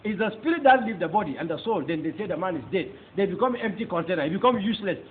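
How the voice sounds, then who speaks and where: Rapid-fire and expressive, a high-voiced Nigerian man testifies as a convert, preaching fervently and repeating phrases for emphasis to those listening. Faint background noise sits under tinny, phone-like sound.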